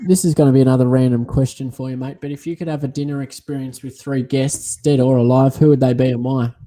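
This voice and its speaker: A man's voice: medium pitch, fairly even intonation, fast talker, mellow. A man hosting a podcast, asking informal questions in a casual interview chat. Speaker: podcast host.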